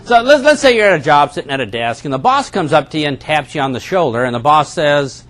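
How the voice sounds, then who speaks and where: Lively storytelling man at a seminar. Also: a little high, quick pace, few pauses, a little hiss or hum. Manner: storytelling, acting out everyday dialogue. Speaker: network marketing trainer. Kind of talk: seminar talk to a live audience.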